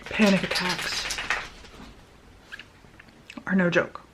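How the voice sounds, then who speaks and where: A woman's voice: on the low side, extremely slow, background noise. Woman vlogger telling a personal story. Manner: animated, tumbling retelling with restarts. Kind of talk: casual first-person storytelling.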